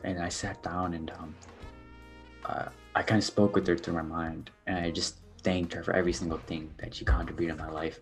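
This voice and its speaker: Brief: low-voiced teen guest on a podcast, earnest and faltering, with faint music underneath. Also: male voice, level tone, a little fast. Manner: earnest, hesitant, many fillers. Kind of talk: personal storytelling on a podcast.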